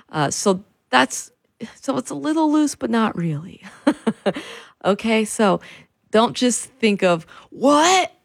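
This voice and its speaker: A woman's voice: on the low side, no room sound, clean studio sound. A woman radio host chatting casually between songs in a loose, laughing way.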